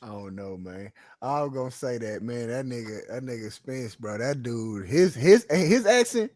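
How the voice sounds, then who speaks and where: A man's voice: medium pitch, lively intonation, normal speed, a little mellow, no echo. A Texan man in a casual boxing chat, laid-back, laughing often and trailing off mid-thought. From Texas. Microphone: phone call.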